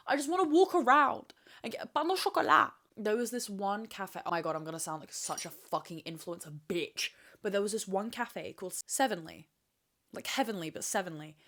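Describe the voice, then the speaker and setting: A young woman hosting a casual solo podcast, talking candidly and rambling with plenty of swearing, asking herself questions and answering them. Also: on the low side. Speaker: podcast host.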